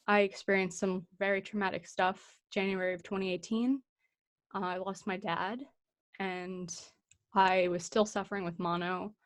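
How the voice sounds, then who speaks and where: A young woman in her twenties co-hosting a podcast, talking casually and reflectively, getting teary and laughing through it. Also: on the low side. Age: 20s. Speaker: podcast co-host.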